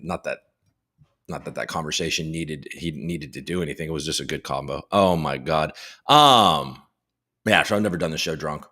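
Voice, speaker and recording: A man's voice: extremely low pitch, sharp tone. A man hosting a casual live stream, rambling and joking with lots of swearing, teasing his viewers and reading news headlines aloud. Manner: profane, rambling, self-mocking banter. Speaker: livestream host.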